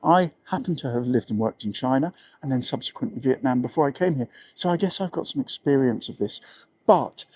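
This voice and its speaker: A man's voice: medium pitch, animated, fairly quick, husky, no echo. A middle-aged English man giving frank, conversational advice to camera, a little self-deprecating. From England. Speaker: vlogger living abroad.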